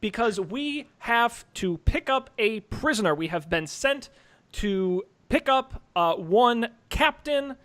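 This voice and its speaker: A man's voice: high voice, animated, takes it slowly, fairly bright tone, heavily acted. A man playing a grandiose, smug wizard who makes showy proclamations in a tabletop game.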